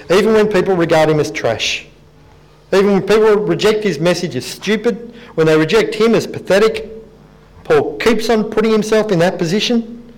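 A man's voice: a little high, poor audio. A man preaching a sermon in a conversational, self-deprecating way, stopping to read scripture aloud to the congregation.

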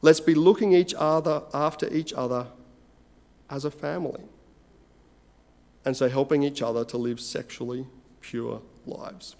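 A man preaching a sermon in an earnest, measured way, pausing between phrases. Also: mid-range voice, steady tone, vocal fry, darkish tone, big-room sound.

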